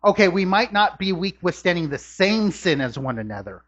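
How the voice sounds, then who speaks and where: A man preaches a sermon from a church, his husky voice swinging widely in pitch and climbing on his rhetorical questions. The recording sounds dull and lo-fi. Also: very animated, moderate pace, fairly bright tone. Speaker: pastor. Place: church sanctuary.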